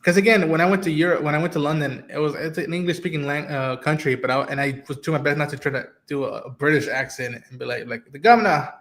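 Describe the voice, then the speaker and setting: A man's voice: fairly high pitch, steady tone, quick pace, few pauses, fairly bright tone. A man chatting on a podcast, rambling and acting out little quoted lines. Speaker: podcast co-host. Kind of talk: casual chat.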